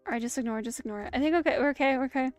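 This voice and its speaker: A woman's voice: high-pitched, rapid-fire, faint music behind. A woman streaming a movie watch-along, chatting casually with rambling asides and self-interruptions. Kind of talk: casual live commentary. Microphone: streaming setup.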